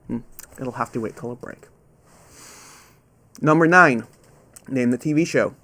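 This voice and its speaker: A man's voice: medium pitch, measured pace, bright, forceful tone. Man, quizmaster, casual, self-deprecating, repeats questions, struggles with "ow" sounds, webcam at home. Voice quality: trouble saying "ow" sounds. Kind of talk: hosting a live online trivia quiz.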